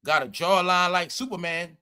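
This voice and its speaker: Guy on a livestream going off, high bright voice, cussing and cracking up. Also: normal speed, clean tone. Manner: loud, laughing, profane, repeats "all right?". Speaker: commentary livestream host. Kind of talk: casual livestream commentary.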